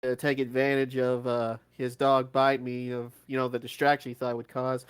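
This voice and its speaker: A man plays in a tabletop game and narrates his character's moves in a wry, sarcastic manner. His voice is smooth and clear, at a middle pitch. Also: monotone, normal speed. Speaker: player.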